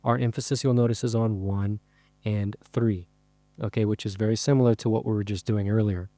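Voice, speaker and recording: A man teaching a guitar song in a relaxed, casual way, counting beats aloud with frequent fillers. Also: on the low side, brisk, dry recording. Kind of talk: casual spoken lesson.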